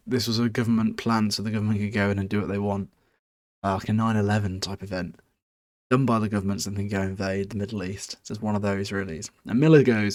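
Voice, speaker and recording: A man's voice: fairly low pitch, dry recording, studio quality. A man hosting a podcast, recapping a book chapter in a loose, rambling, sweary way with many restarts. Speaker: podcast host.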